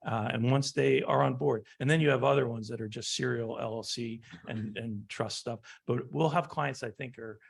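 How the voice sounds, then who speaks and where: A man's voice: mid-range voice, fairly even intonation, moderate pace, vocal fry, few pauses, slightly rough. A man, an estate planning attorney, giving a conference presentation and animatedly acting out conversations with clients. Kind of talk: conference presentation with war stories.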